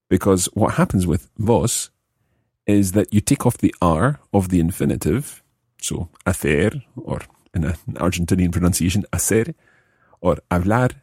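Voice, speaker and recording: A man hosting a podcast language lesson, explaining slowly and repeating example phrases. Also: low-pitched, darkish tone, husky, dry recording, studio quality. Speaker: language teacher host.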